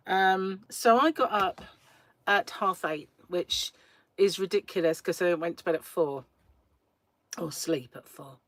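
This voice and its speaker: A woman's voice: on the low side, a little slow, fairly bright tone, no room sound. A woman hosting a crochet livestream, chatting casually and rambling to her viewers, laughing often, from a small room at home. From England. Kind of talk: casual chat with live viewers.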